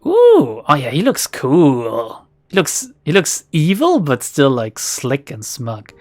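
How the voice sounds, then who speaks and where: With soft music in the background, another woman streamer talks slowly in an extremely low, sing-song voice. She offers jokey, self-mocking commentary on her game, reading narration aloud and frequently laughing at herself.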